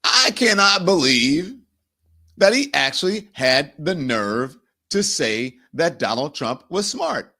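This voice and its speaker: A man hosting a political commentary show, incredulous and animated, often laughing between remarks. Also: fairly high pitch, slow pace. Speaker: host.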